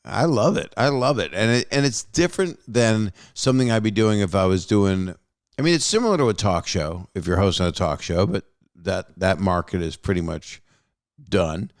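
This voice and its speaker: A man's voice: fairly low pitch, animated, moderate pace, dry recording, studio quality. A man hosting a podcast interview, chatty and jokey, often talking over his guest. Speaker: podcast host. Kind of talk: casual interview chat.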